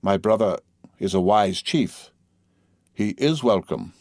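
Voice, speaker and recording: A man voicing a stern, guarded male chief who answers in slow, grave, cautious speech. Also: mid-range voice, animated, no echo, studio quality, lightly acted.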